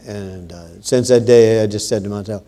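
This is a man giving a sermon in a talkative way, full of pauses; quoting scripture makes him louder and higher-pitched.

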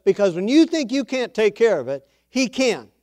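High-voiced animated preacher man. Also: normal speed, dry recording, studio quality. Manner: animated storytelling preacher, acts out quotes. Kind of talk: sermon.

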